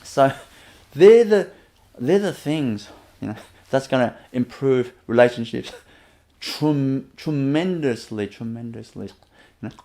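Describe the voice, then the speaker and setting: A man giving a spiritual teacher's webinar talk, gently, chuckling often and repeating his phrases. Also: mid-range voice, animated, slow.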